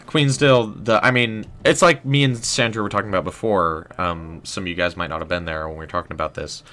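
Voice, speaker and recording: A young man hosting a casual game livestream, rambling in a relaxed way with lots of "um" and "like". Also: deep voice, fairly quick. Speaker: livestream host.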